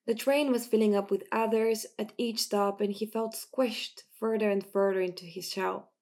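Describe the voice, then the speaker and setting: A woman reads a children's novel aloud at a steady pace. Her voice has a gravelly, creaky texture. The telling stays even and plain. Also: mid-range voice, moderate pace. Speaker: narrator. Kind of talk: audiobook narration.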